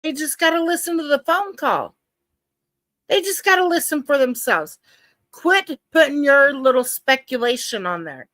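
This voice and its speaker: A woman's voice: high-pitched, animated, normal speed, a bit bright, no echo. A woman commentating live on a trial, skeptical and talking back to the lawyer. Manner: skeptical, talks back to the proceedings.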